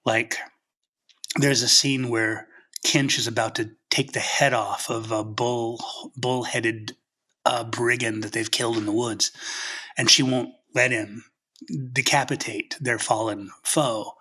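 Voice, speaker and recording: A man talks as a guest novelist in a casual interview, earnest and passionate. He thinks aloud as he goes. His voice is husky and bright. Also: medium pitch.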